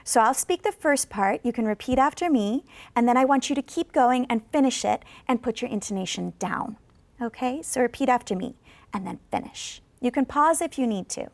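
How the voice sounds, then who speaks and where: A woman teaching an English-as-a-second-language lesson on television, speaking patiently and encouragingly and modeling example sentences slowly for learners to repeat. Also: a little high, lively intonation, gravelly, no echo. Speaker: ESL teacher.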